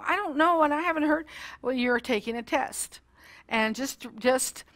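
A woman telling a Bible-lesson story to children in an expressive way, speaking directly to her young listeners. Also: high voice. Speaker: children's ministry teacher.

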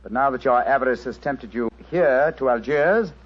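An actor with a British accent playing a sharp, cool detective in 1940s radio acting, laying out deductions in a measured, precise way. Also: male voice, mid-range voice, close to an everyday voice. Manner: crisp, measured, lordly deduction. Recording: dull old radio broadcast.

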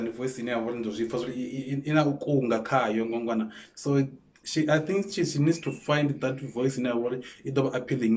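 A man with a South African Venda accent who hosts a music reaction show. He gives casual, hesitant commentary, with many pauses and fillers and frequent switches between languages. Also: mid-range voice.

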